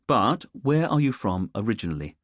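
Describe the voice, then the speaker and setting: A man's voice: lowish voice, very animated, moderate pace, no echo, studio quality. A man voicing a fussy, pedantic male detective inspector in an audiobook, speaking in a teacherly way.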